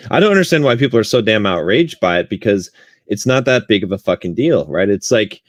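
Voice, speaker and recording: A male podcast host with a fairly low voice, chatting loosely and agreeably and swearing as he goes. The sound is dry and close, with no room around it. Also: lively intonation, brisk, no echo. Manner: casual, profane, agreeable. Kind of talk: casual podcast chat.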